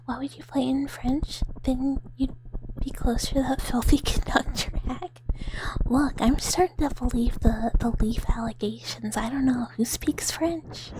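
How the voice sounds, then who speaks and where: A woman's voice: high voice, steady tone, measured pace, noisy background. A woman streamer in a whispered ASMR chat with her viewers, giggling often as she talks.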